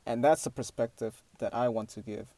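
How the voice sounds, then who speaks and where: A man's voice: medium pitch, steady tone, fairly quick, mellow, dry recording. A man teaching a beginner language lesson with patient explanations, modeling sounds aloud. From English-speaking country. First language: English. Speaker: language channel host.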